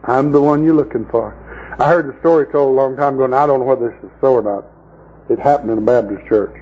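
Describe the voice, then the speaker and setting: A man's voice: medium pitch, fast, warm tone, highs cut off. A man preaching a sermon at a camp meeting, telling folksy stories and mocking the people he talks about. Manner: folksy storytelling preacher, mocking voices in quoted scenes.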